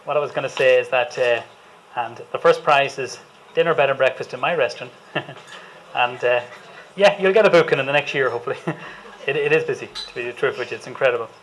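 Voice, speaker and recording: A man's voice: medium pitch, fast talker, fairly bright tone, a little hiss or hum, poor audio. A man with an Irish accent, a chef giving a chatty, enthusiastic live cooking demonstration to an audience and joking with them as he goes. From Ireland.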